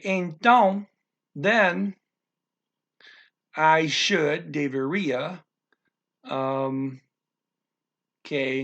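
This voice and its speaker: A man teaching a language lesson, going through a text word by word in a halting, explanatory way with many pauses and restarts. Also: on the high side, gravelly, a bit bright. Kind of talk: casual language lesson walkthrough.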